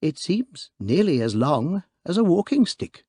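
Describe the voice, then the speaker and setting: A man's voice: fairly high pitch, sing-song, unhurried, dark tone, slightly rough, no room sound, studio quality, pitched above the performer's own voice, exaggerated voice. A man reading aloud, voicing a short, genial, modest priest who sounds mild and innocent. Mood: mild, curious.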